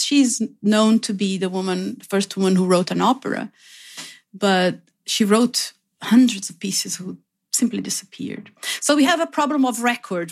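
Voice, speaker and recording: A woman, a radio interview guest, telling stories. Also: medium pitch. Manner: emotional, animated storytelling.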